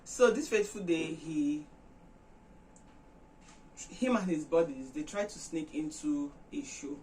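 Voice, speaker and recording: A woman vlog host retelling a movie plot in a chatty, animated way with many fillers. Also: sits low, measured pace, far from the mic, slight background noise, rough recording. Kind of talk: casual storytelling retelling a film.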